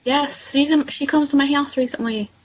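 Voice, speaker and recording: A woman calling in to a live show, chatting casually and excitedly about talking to spirits. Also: high voice, normal speed, lo-fi sound, slight background noise. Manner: excitable, talks to spirits through a device. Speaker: caller. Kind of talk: casual chat over a call.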